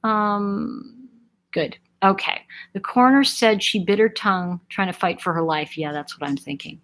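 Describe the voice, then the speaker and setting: A woman's voice: lowish voice, lively intonation, fairly quick, a bit bright, low-quality recording. A middle-aged woman hosting a casual live-stream chat, reading out viewer comments with lots of ums and restarts. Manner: chatty, reads out viewer comments, frequent ums and self-corrections.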